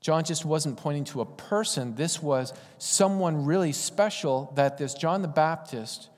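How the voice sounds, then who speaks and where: A man's voice: a little high, measured pace. A man preaching a sermon in a conversational, folksy storytelling way. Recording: long hall reverb.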